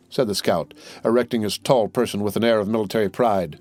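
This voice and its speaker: A man reading a classic adventure novel aloud as an audiobook narrator, in a measured storytelling manner. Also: on the low side, fairly even intonation, a little mellow, soft background music. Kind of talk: scripted narration.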